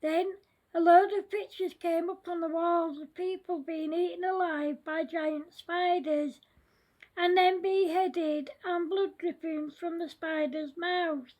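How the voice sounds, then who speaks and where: A woman reading her own story aloud as storyteller, plain and unhurried. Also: extremely high pitch, steady tone, a little mellow.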